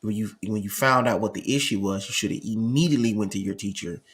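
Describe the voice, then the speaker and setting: A man's voice: on the low side, fast, fairly bright tone. A middle-aged man hosting and telling a family story in a casual style, acting out the dialogue. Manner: conversational, frequent "you know what I'm saying" asides, acts out dialogue. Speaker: host.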